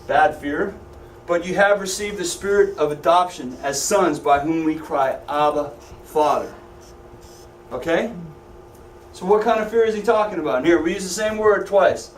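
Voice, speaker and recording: With lively, joking energy, a man runs a Sunday school Bible class and keeps questioning his students, his voice pitched high for a man. The mic sits some distance away in a roomy, echoing church classroom, picking up a little hiss or hum.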